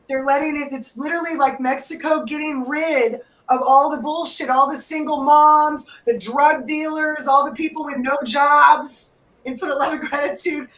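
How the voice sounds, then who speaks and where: A woman's voice: sits high, a bit bright. A woman hosting a live call-in radio show, talking in an emotional, rambling way and swearing freely. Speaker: psychic radio host. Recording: echoey room, distant mic.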